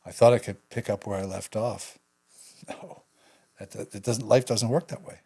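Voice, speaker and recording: Older man, low voice, halting reflective storytelling. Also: fairly even intonation, vocal fry, breathy edge. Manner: halting, reflective, trailing off into quiet asides. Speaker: guest, veteran actor and writer. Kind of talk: personal storytelling in an interview.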